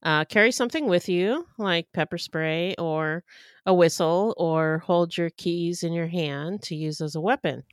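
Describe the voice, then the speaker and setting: A woman co-hosting a podcast, giving practical advice and show details in a steady, matter-of-fact way. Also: on the low side, measured pace, dry recording, studio quality. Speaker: podcast co-host. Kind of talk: casual podcast chat.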